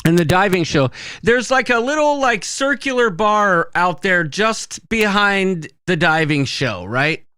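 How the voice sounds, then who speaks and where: Give me a man chatting as a podcast host, full of ums and likes, very expressive pitch. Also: unhurried, clean tone, no echo. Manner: rambling storyteller, many fillers. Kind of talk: casual chat.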